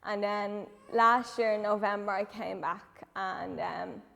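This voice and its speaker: A nervous woman close to tears tells her personal testimony in church, halting and full of "um" and "like". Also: mid-range voice, vocal fry, a bit bright. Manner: halting, lots of "um" and "like". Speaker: church member giving testimony. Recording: reverberant church hall.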